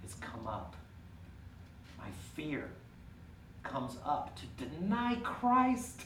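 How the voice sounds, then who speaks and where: A man preaching a sermon, rising to emphatic peaks and dropping quiet and intimate. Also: fairly high pitch, very animated, very slow, background noise. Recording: echoey room, from far off.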